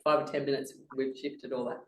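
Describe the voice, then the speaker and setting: A woman's voice: very deep voice, level tone, fairly quick. Brief: woman, laughter yoga instructor, playful and encouraging, video call, distant mic in a roomy room. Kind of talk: guided laughter yoga session.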